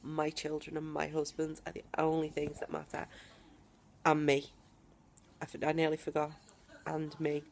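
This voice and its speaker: A woman talking straight to camera from home in a personal video diary, emphatic and defiant, with deliberate pauses. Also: deep voice, monotone, creaky, a little mellow, slight background noise. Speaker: vlogger.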